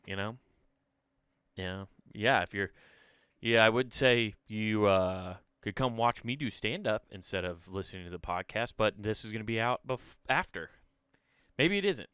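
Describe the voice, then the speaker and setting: A man's voice: lowish voice, fairly bright tone, clear, resonant tone, no room sound, clean studio sound. Profane rambling man hosting a podcast. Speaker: comedian podcast host. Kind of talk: casual solo comedy podcast rant.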